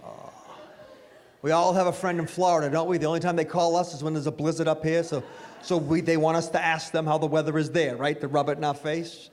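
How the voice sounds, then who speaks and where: A man's voice: a little high, flat delivery, brisk, darkish tone. A middle-aged man doing a stand-up comedy set on stage, self-mocking and chatting with the crowd. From Italian-American family.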